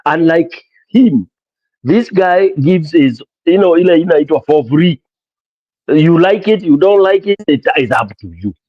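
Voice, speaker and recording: A man with a Kenyan accent hosting a casual call-in talk show, animated and mixing English with Swahili. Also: a little high, unhurried, dry recording, muffled recording. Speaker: host of a call-in political show. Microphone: streaming mic.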